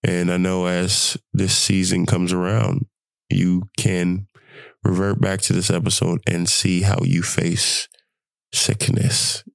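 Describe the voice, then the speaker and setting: A young man hosting a podcast, sick with the flu, talking in an animated, preachy way and laughing often. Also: low-pitched, takes it slowly, gravelly, no room sound. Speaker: podcast host. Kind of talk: casual motivational monologue.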